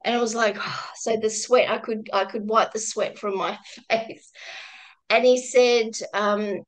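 A woman, a guest, telling a personal work story in a reflective, halting way with many restarts and some laughter. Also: a little high, steady tone, poor audio. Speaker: guest, former crisis-line volunteer.

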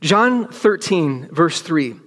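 A man's voice: on the high side, very animated, slow pace, a bit bright, in a large hall. A man preaching a sermon to a room full of people, speaking emphatically and dropping to near-whispers to stress a point. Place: large room with an audience.

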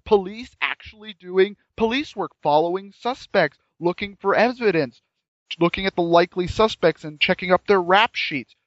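A man's voice: high-pitched, a bit bright, no echo. A man chatting casually and enthusiastically about a game, rambling with frequent restarts, on dull lo-fi audio. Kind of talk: casual chat reviewing a game.

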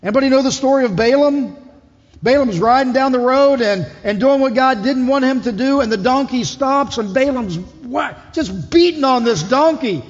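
Pastor guy with a high voice, chatty sermon, asking the crowd stuff, echoey church hall. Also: normal speed, highs cut off. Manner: conversational, asks the congregation questions. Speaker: lead pastor.

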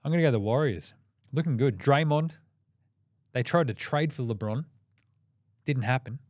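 A brash Australian man hosting a sports podcast, rattling off picks with plenty of swearing and bursts of energy. His voice sits at a middle pitch, and the recording is close and dry with no room sound. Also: no room sound. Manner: brash, swearing, quick, animated. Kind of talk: casual sports betting picks chat.

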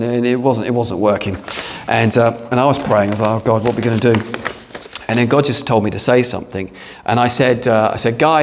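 A man's voice: mid-range voice, long reverb tail, slight background noise. Male pastor telling a story. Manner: animated, self-deprecating storyteller acting out dialogue. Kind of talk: storytelling sermon.

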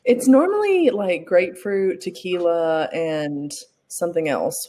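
A woman's voice: lowish voice, animated, unhurried, dark tone. A woman with a Southern US accent, a dietitian guest, teasing playfully in casual podcast chat.

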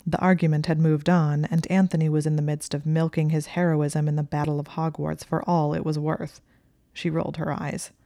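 A woman reading a story aloud in a steady, even storytelling manner. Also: low voice, dry recording, clean studio sound. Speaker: audiobook reader. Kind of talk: reading fan fiction aloud.

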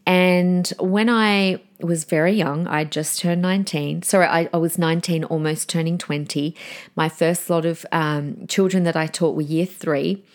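A middle-aged woman, hosting a solo parenting podcast and giving earnest numbered tips, now and then acting out calm, firm lines she says to her children. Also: lowish voice. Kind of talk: solo podcast advice talk.

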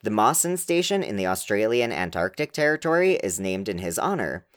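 Very deep-voiced woman host. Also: very animated, brisk. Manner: joking, teasing, wry asides. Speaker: podcast host. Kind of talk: casual chat, storytelling. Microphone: studio microphone.

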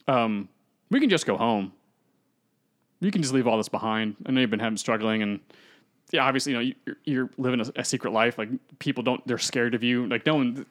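A man voicing a smooth-talking male demon father, coaxing and soft in a casual podcast retelling. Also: medium pitch, close to an everyday voice.

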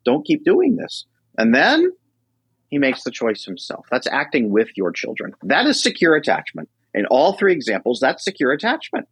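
Man in his thirties podcast guest, husky and dry, animated delivery with wide swings in pitch. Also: normal speed, no echo. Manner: animated, acts out quoted people with big pitch jumps. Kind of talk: podcast conversation.

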